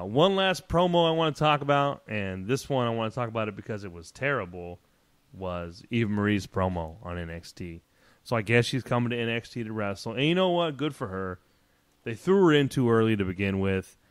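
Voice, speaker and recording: A man with a fairly low voice co-hosts a podcast in relaxed, animated chat and argues his case with energy. The sound is dry and close, with no room around him. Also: clean tone, dry recording. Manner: animated and argumentative, drawn-out casual filler. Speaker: podcast co-host. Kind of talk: casual chat.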